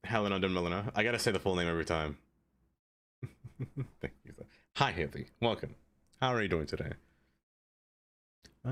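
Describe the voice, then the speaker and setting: A man streaming live in casual chat, rambling and answering viewers by name, with lots of "like" fillers. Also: sits low. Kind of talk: casual live-stream chat while playing a city-building game.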